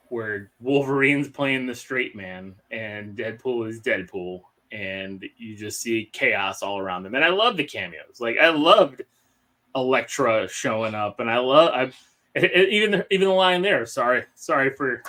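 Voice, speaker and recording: A man's voice: mid-range voice, lively intonation, unhurried, pushed and bright. A man co-hosting a casual movie podcast, enthusiastic, stammering through restarts and fillers. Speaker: podcast co-host. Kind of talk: casual chat.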